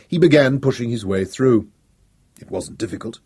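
A man narrating a story in an expressive, dramatic storytelling style. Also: mid-range voice, normal speed, breathy edge. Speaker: audiobook narrator. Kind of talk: scripted narration.

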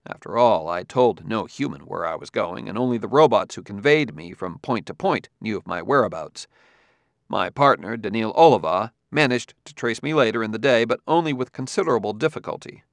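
A man's voice: lowish voice, lively intonation, fairly quick, gravelly, no room sound. A man voicing a blunt, insistent detective. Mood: accusing. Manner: insistent, cross-examining. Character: dogged male Earth detective, blunt and pressing.

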